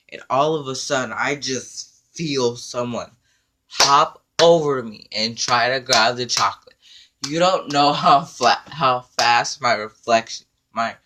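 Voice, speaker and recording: A man telling an animated, profane story in a storytime vlog, acting out the dialogue. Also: mid-range voice, slight background noise. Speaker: vlogger.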